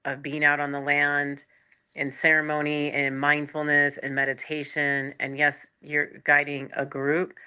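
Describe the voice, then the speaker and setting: A woman's voice: low-pitched, pushed and bright, smooth. A woman retreat guide on a video call, speaking in a soothing, reassuring way with light laughs. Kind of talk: casual panel chat.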